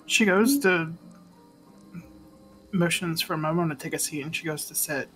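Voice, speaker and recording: A player narrating her character's actions in a tabletop game, speaking softly and hesitantly. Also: mid-range voice, moderate pace. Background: faint background music.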